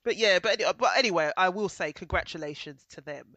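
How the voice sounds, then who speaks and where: A woman's voice: lowish voice, fast, a bit bright. A woman chatting casually as a podcast co-host, gossipy and giggly. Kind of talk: casual chat. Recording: slightly dull, dry recording.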